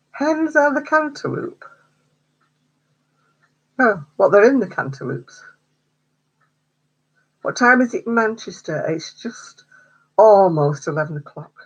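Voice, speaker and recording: A husky woman hosts a casual craft livestream, reading viewers' comments and chatting back with frequent laughs. Her voice sits at a mid pitch. The audio is dull and lo-fi. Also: lively intonation, unhurried, long pauses. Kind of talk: casual chat with live viewers.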